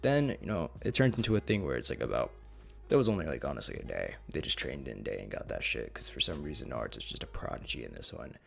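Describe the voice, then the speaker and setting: Sex: man. Role: channel host. Style: casual story narration. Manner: profane, rambling. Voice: very low, gravelly, faint music behind. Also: sing-song, quick pace.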